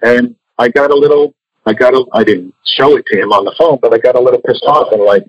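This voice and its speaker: Candid older man, husky, swearing freely. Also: medium pitch, fast talker, no echo. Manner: candid, swears freely, grows emotional telling stories. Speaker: comics artist and former editor, guest. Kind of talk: casual interview talk. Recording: dull lo-fi audio.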